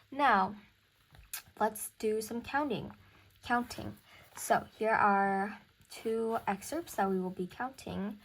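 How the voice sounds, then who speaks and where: A young woman teaching music theory in a casual recorded lesson, thinking aloud and counting beats. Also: medium pitch.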